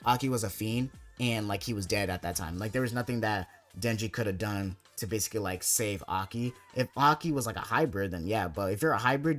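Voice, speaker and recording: Young male essayist, lowish voice, casual rambling recap, lots of fillers, soft music under. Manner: rambling, heavy filler words like "like" and "basically". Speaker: anime video essayist.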